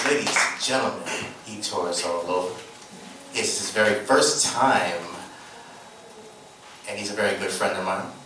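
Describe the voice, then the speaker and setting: A man's voice: fairly low pitch, a little slow, pauses often. A man hosting a stand-up comedy show, rambling with loose, crude jokes. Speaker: host. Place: comedy club. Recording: echoey club from far off with room noise.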